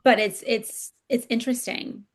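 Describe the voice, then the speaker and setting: A woman's voice: on the high side, fairly even intonation, normal speed. A woman hosting a casual podcast conversation, rambling enthusiastically with lots of fillers. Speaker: podcast host.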